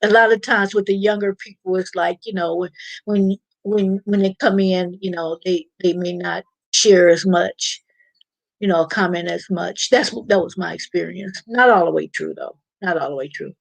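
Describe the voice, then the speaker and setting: A woman's voice: lowish voice, steady tone, moderate pace, gravelly, no room sound, poor audio. A woman hosting a casual live stream, reading viewer comments aloud and chatting in a rambling way with frequent laughter. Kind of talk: casual live-chat talk.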